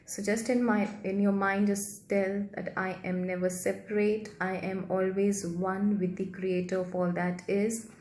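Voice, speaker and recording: A woman guiding a healing meditation in a soft, gentle, slow and repetitive way. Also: medium pitch, level tone. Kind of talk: guided meditation. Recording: roomy echo with faint background hiss.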